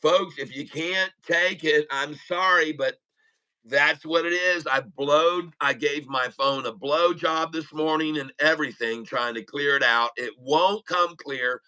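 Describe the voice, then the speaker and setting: A man's voice: on the high side, unhurried, sharp tone, smooth, rough recording. Lisping man joking on a live stream. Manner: joking, rambling, laughs often. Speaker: day trader livestreaming. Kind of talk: casual live stream chat.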